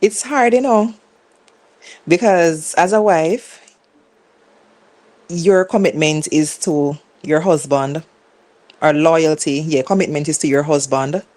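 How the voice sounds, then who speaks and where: Woman, Caribbean English accent, live show host, casual, chatty, lowish voice. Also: slow pace, pauses often, darkish tone. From Caribbean island. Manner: chatty, laughing, questions to viewers. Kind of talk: casual live reaction chat.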